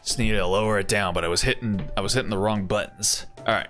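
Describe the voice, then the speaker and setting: A man's voice: lowish voice, steady tone, quick pace, hardly any pauses, a bit bright, faint music behind. A man streaming himself reading a story game aloud, breaking in with joking, self-deprecating asides to his chat.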